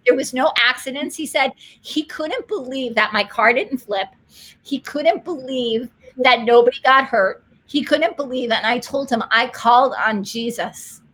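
A middle-aged woman hosting a faith talk show, telling a story with lively energy and frequent laughter. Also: sits high. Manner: excited storytelling, laughs often, fast animated retelling.

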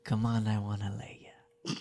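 A man's voice: fairly low pitch, completely flat delivery, normal speed, a little mellow, voice pushed down, natural voice. A man doing a leering crude old husband.

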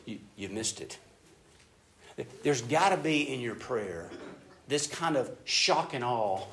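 A man preaching a sermon in a casual, animated way, acting out prayers in an excited voice. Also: mid-range voice, takes it slowly, pauses often. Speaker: pastor. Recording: echoey room with faint ambient noise.

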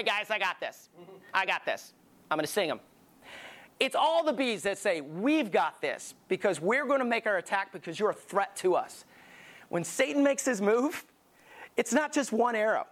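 Emphatic conversational pastor preaching. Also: male voice, sits high, fairly bright tone. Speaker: lead pastor. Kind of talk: sermon.

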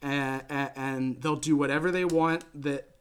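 A man's voice: mid-range voice, steady tone, a little slow, smooth. A man hosting a casual movie review chat, talking in an enthusiastic, rambling way with many fillers and restarts. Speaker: podcast host.

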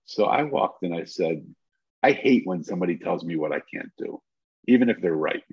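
Speaking at a normal pace with a low, slightly rough voice, an older podcast guest relates a long story and acts out the dialogue in an animated way. The recording is slightly muffled.

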